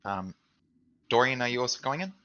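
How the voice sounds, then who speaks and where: A man acting as dungeon master, running an online tabletop game with relaxed, steady narration and frequent rules checks. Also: medium pitch, a little fast, dull audio.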